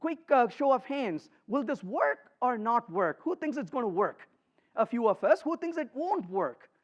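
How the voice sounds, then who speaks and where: A man presents a live coding talk to a conference crowd, his pitch rising and falling in animated swings. He is emphatic and quips with the audience. The recording sounds slightly dull and muffled. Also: normal speed. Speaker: conference speaker.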